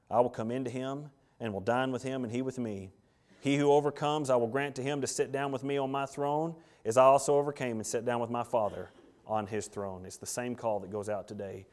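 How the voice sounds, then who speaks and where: A man preaching a sermon as pastor, impassioned and emphatic, swinging from loud high pleading to low hushed intensity.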